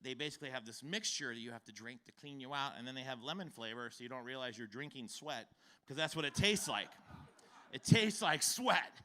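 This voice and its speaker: A man in his fifties telling a stand-up comedy story on stage, acting out other people's lines and breaking into shouted exclamations. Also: medium pitch, quick pace. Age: 50s. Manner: animated, acts out characters with shouted exclamations. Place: comedy stage before a live audience.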